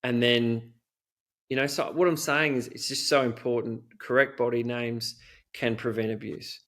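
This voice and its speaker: In this recording a man of middle age speaks at an ordinary pitch, in an earnest, loose conversational way. He strings thoughts together with frequent "you know"s and restarts, as an interview guest explaining his work. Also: steady tone, normal speed, a bit bright. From Australia. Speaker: guest expert on child safety.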